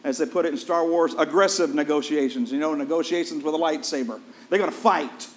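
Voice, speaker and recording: Animated preacher man, slightly high voice. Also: fairly quick. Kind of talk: sermon.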